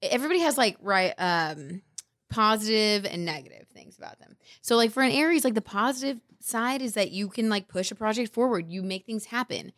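A woman's voice: medium pitch, lively intonation, a little fast, a bit bright. A woman chatting on a podcast, explaining star signs to her hosts with lots of "like"s. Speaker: astrology guest. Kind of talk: casual podcast chat.

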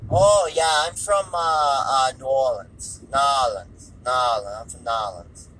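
A man's voice: mid-range voice, brisk, close to an everyday voice, low-quality recording. A man impersonating a film character, an evasive man with a strange vague accent who drawls dodgy answers.

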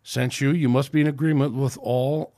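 A man's voice: mid-range voice, steady tone, moderate pace, dark tone, no room sound, studio quality, close to an everyday voice. A man reading aloud and voicing a young, opportunistic male alien council member who speaks outspokenly. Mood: persuading. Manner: outspoken, persuading.

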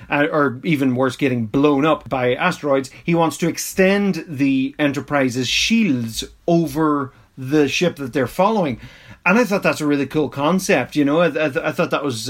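A man, rambling through a casual episode recap with mock-exasperated asides and frequent laughs. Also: mid-range voice. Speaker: podcast host reviewing an episode.

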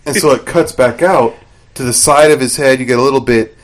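A man in casual podcast chat, recapping a TV episode with lively retellings. He slips into the characters' lines as he tells it, at an everyday mid-range pitch. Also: a little fast. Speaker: podcast co-host.

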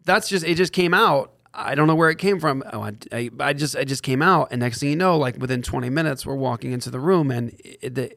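A man with a gravelly, creaky voice, recorded close and dry, tells an earnest story as a podcast guest. He acts out what people said as he goes, and speeds up when he gets excited. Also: medium pitch, a little fast, few pauses, no room sound. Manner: acts out quoted dialogue while telling a story. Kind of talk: animated storytelling in conversation.

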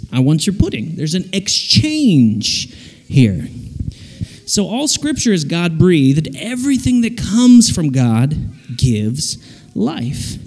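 A man giving a jokey, animated sermon to young people, acting out little voices as he goes. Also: high voice. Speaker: preacher. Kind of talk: lively sermon to a youth audience. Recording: long hall reverb.

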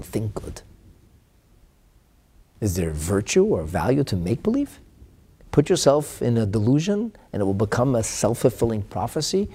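A man teaching a religious lesson, emphatic, swinging between loud declaiming and hushed whispers, often asking rhetorical questions. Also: fairly low pitch, huge pitch swings, normal speed, husky. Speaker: Torah teacher.

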